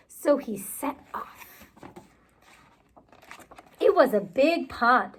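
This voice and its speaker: A teacher reading a picture book aloud to young children in an expressive, warm manner. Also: female voice, sits high. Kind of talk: children's story read-aloud.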